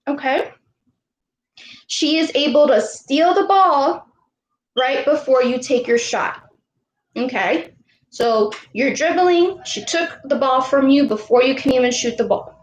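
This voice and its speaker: A woman coach teaching a live online lesson to girls, patient and encouraging, repeating each question slowly for the kids. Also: high-pitched, roomy sound, poor audio. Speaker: youth sports coach.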